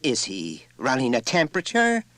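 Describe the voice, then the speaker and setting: A man's voice: medium pitch, wildly swooping pitch, moderate pace, a bit bright, no room sound, voice pushed up. A man voicing a proud, well-bred mother who answers in a chilly, indignant, emphatic way, in a dry audiobook reading. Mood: haughty. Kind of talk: audiobook character voice.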